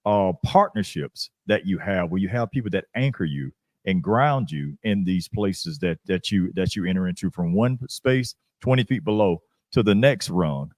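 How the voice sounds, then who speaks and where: A man with a very low voice hosts an interview, asking long, earnest questions and answering with admiring murmurs. His sound is dry and close, with no room in it. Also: animated, moderate pace, darkish tone, no echo. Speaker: podcast host.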